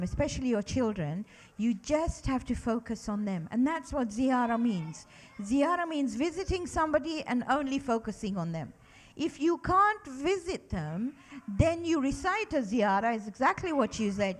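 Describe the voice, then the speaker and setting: A middle-aged woman giving a religious lesson to children, asking them lots of questions and leading them in call-and-response recitation. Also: fairly high pitch. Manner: animated, asks children many questions. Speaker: children's lecturer at a mosque.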